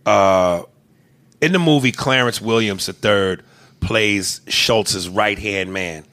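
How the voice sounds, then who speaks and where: Animated man in casual chat. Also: slow. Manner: animated, big swings in pitch, exclamations. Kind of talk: casual chat about a movie.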